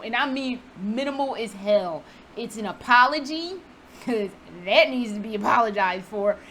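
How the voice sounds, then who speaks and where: A woman's voice: medium pitch, a bit bright, a little hiss or hum, low-quality recording. A young American woman vlogging casually from her apartment, swearing freely, laughing often and poking fun at herself. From United States. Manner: profane, self-deprecating, laughs often. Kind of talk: casual vlog monologue. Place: apartment indoors.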